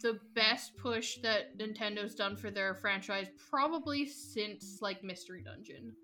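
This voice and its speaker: A woman co-hosting a casual podcast chat, animated and swearing casually, laughing often. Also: medium pitch, unhurried, slight background noise. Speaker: podcast co-host.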